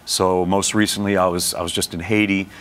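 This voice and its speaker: Deep low brooklyn guy, middle-aged, laid back, lots of uhs and restarts, guest on a tv show. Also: a little fast. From Brooklyn, New York. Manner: relaxed, speaks with many restarts and fillers. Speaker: sports announcer and guest. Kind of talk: casual TV interview chat. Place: TV studio.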